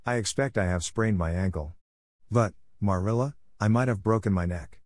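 A man's voice: on the low side, normal speed, a little mellow, no echo, clean studio sound, lightly acted. A man reading the lines of an imaginative, dramatic orphan girl in a storybook, earnest, solemn and wordy.

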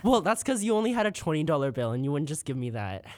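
A co-host chatting casually among friends, lively and self-deprecating. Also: mid-range voice, quick pace, no echo. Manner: lively, self-deprecating, laughs while talking. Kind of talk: casual chat.

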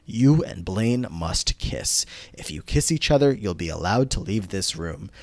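A man doing a deep, evil horror-puppet woman. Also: expressive, no room sound. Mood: menacing. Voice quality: low, menacing, slow. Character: evil distorted woman villain puppet on tricycle.

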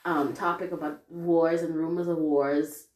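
A woman's voice: sits low, a little slow. Young female podcast host, rambling casual update, recorded in an echoey room. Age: young adult. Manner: rambling, chatty and animated.

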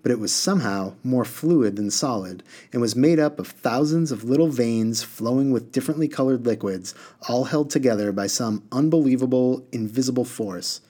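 A man reading a novel aloud and discussing it, in a measured, clear way. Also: mid-range voice, mellow. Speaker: book discussion reader.

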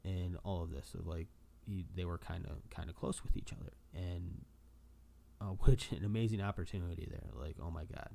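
A man with a deep, gravelly voice chats casually to camera. He rambles eagerly like an excited fanboy, full of fillers and restarts. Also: moderate pace, slight background noise. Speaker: vlogger and comic collector.

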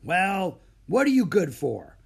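A man's voice: high-pitched, very animated, slow, voice pushed up, heavily acted. A man voicing a groggy, grumpy ancient male butler who growls his lines. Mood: gruff. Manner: growling, gruff.

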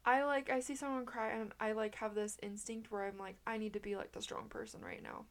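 A woman's voice: mid-range voice, flat delivery, a little fast. A young woman co-hosting a podcast, chatting casually in a playful, giggly way. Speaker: podcast co-host. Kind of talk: casual chat.

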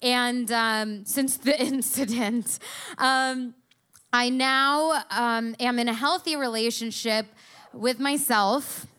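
High bright-voiced woman telling a story. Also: slow pace, clean tone. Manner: animated, swearing, acts out quotes. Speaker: storyteller on stage. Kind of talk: live storytelling performance. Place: stage before a live audience.

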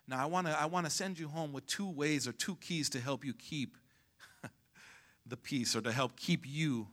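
High-energy preaching pastor, man. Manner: preaching with call-and-response to the congregation; rises to shouting at peaks. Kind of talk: sermon. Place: church sanctuary.

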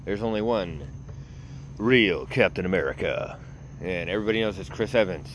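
A man's voice: low-pitched, expressive, moderate pace, slight background noise. A man hosting his own podcast, rambling casually, mocking himself and laughing at his own jokes, recorded on a phone. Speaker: podcast host.

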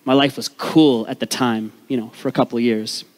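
A man's voice: medium pitch, steady tone, a little fast. A man from Vancouver, telling his life story on stage as a comedic talk, candid and profane with joking asides to the crowd. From Canada, Vancouver.

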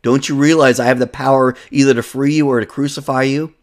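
A man reading the part of a questioning male Roman governor aloud from scripture, voicing his questions a bit louder and higher. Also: steady tone, fairly quick, lightly acted.

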